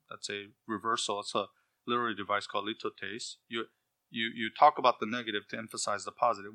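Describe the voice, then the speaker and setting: A male preacher gives an expository sermon in a bright, forceful, fairly low-pitched voice. He reads scripture aloud, then explains it, slowing down to press home key words.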